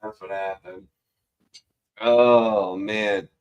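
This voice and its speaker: A man's voice: fairly low pitch, fairly even intonation, drawn-out words, darkish tone, dull audio, a little hiss or hum. A man hosting a casual online chat, joking and swearing as he reads memes aloud and laughs at them. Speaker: show host reading memes.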